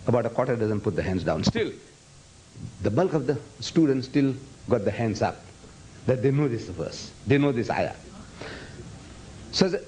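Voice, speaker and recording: A man's voice: mid-range voice, animated, moderate pace, long pauses, a little mellow, slight background noise, rough recording. Emphatic male lecturer, repeating his points. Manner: emphatic, repeats phrases for effect; breaks into Arabic recitation. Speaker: Islamic lecturer. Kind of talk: public lecture to students.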